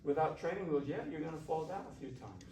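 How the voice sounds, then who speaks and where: A man's voice: a little high, lively intonation, fast talker. A man teaching a shakuhachi workshop in a classroom, coaxing and conversational, often asking the class questions. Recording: roomy, from far off, faint hiss.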